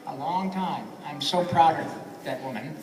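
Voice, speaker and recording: A man's voice: on the high side, moderate pace, a little mellow, a little hiss or hum. A man chatting on a convention panel, adding chatty remarks about colleagues. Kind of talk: panel chat. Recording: echoey hall from far off.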